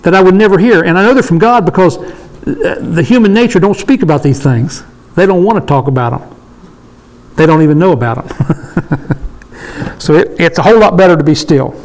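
High-voiced man in his sixties teaching scripture. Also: animated, brisk, darkish tone, low-quality recording. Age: 60s. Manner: emphatic, repeats points for stress. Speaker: Bible study leader. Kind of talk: casual Bible study discussion.

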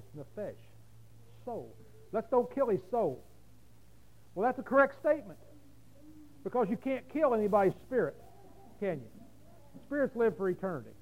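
A man's voice: high-pitched, a little mellow, low-quality recording. A man preaching a conversational sermon, often asking his listeners rhetorical questions.

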